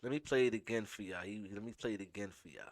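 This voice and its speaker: A man's voice: fairly low pitch, fast. A man from upstate New York hosting a casual commentary, talking emphatically with many restarts, close to a dry mic. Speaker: host.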